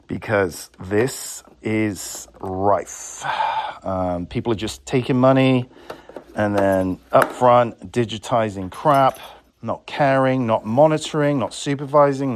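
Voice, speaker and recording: A man's voice: mid-range voice, slow pace. A man who runs a video transfer business, ranting bluntly and sarcastically in a vlog, with some swearing.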